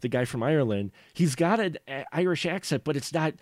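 A man's voice: a little high, lively intonation, brisk, a little mellow, dry recording, clean studio sound. A man from the upper Midwest co-hosting a podcast, rambling and laughing as he talks about films. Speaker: podcast co-host. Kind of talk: casual film discussion.

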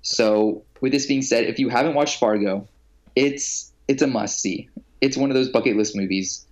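A man's voice: mid-range voice, normal speed. Young man, casual chat, eager, enthusiastic. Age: young adult. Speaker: podcast co-host. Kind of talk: casual movie-list chat.

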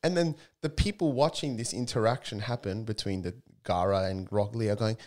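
A young man co-hosting a podcast, rambling through animated stories in casual, profane chat. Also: lowish voice, brisk. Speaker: podcast co-host.

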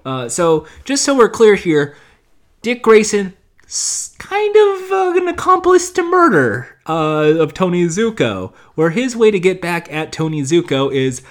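A man's voice: sits high, huge pitch swings, unhurried. A man casually recapping a TV episode, rambling with sarcastic asides. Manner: rambling, with many fillers and restarts. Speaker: show reviewer.

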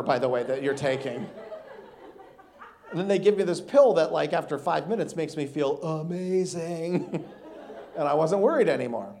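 A man in his thirties, a guest preacher telling a funny, animated personal story in a sermon with frequent laughter. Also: on the high side.

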